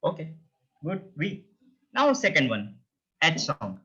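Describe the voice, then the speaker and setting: Slow, animated male teacher. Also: on the high side, breathy edge. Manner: patient, repeats words many times for drilling; explains pronunciation step by step. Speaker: language teacher. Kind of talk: beginner language lesson. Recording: dull lo-fi recording.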